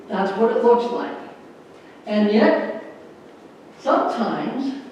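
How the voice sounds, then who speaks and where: Echoey stage magician, earnest and folksy. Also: male voice, high-pitched, a little mellow, slight background noise. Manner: folksy, earnest, joking with the audience. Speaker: magician and motivational speaker. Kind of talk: stage talk with magic demonstration. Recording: echoey hall from far off.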